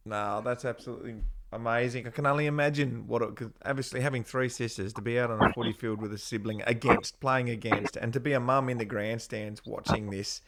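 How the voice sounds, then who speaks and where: A man's voice: mid-range voice, fairly even intonation, a little fast, few pauses, noisy background. An Australian man hosting a podcast, chatting casually and nodding along with short replies. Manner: short encouraging backchannels. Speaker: podcast host. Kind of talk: casual interview chat.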